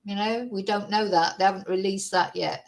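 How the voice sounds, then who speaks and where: A woman's voice: mid-range voice, fairly even intonation, normal speed, vocal fry. A woman hosts a casual live chat. She talks in a loose, rambling way and stops to thank viewers by name. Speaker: livestream host.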